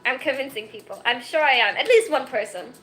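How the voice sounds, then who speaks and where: Excitable young woman in her 20s, from Germany, high bright voice, giggly rambling chat, faint music behind. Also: a little fast. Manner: excitable, giggly, rambling with self-mocking jokes. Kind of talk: casual chat. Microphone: phone.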